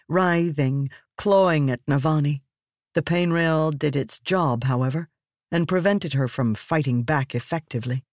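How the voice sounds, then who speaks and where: Brief: measured audiobook narrator, slow delivery, dry close recording. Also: mid-range voice, no echo. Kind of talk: scripted narration.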